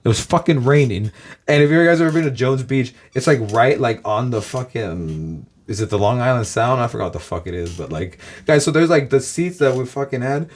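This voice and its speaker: A man's voice: medium pitch, lively intonation, a little fast. A man from Los Angeles with a Californian American accent, rambling to his viewers in a casual, profane monologue full of "guys". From Los Angeles, USA. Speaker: vlogger.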